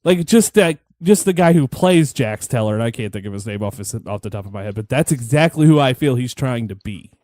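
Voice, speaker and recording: A man's voice: mid-range voice, lively intonation, a little fast, hardly any pauses, a little mellow, no echo. Wry, offhand man chatting about movies. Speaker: podcast co-host. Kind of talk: casual movie-watching commentary.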